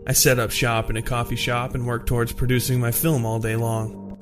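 A detached self-confessed killer, as a man reads him, lays out his lies in a slow, level, unhurried tone for a true-crime podcast. Clear music runs behind the voice. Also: medium pitch, level tone, natural voice. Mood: cold, detached. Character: calm adult male killer reading his confession. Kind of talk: dramatized confession reading.

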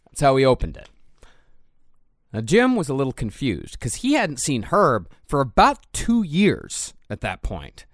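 Man, true crime podcast narrator, blunt, profane, animated pitch, dry sound. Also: a little slow, no room sound. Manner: reads the case with blunt, profane asides. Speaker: podcast host.

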